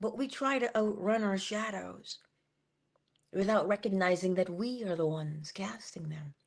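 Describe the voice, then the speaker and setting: A woman speaks as an inspirational host in a mid-pitched voice. She moves between a full speaking voice and a hushed whisper, stretching out phrases for emphasis. Her delivery is that of a morning motivational talk. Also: measured pace, gravelly. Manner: shifts between full voice and soft unvoiced whisper.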